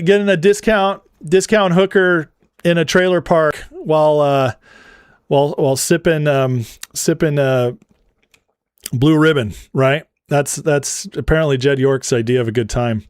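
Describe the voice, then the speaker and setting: A man's voice: on the high side, measured pace, smooth, no echo, studio quality. A man hosting a casual livestream, reading viewer super chats aloud and often breaking into laughter. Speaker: livestream host.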